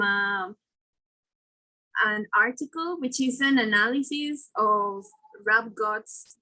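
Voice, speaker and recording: A woman's voice: fairly high pitch, a bit bright, poor audio. A woman presenting a lesson, explaining step by step with fillers and self-corrections. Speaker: student presenter.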